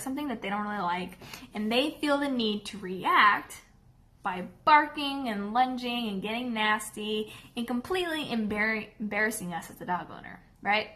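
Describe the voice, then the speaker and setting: A woman's voice: fairly high pitch, fairly bright tone. A woman dog trainer talking casually to camera, chatty and candid, often checking in with her viewers.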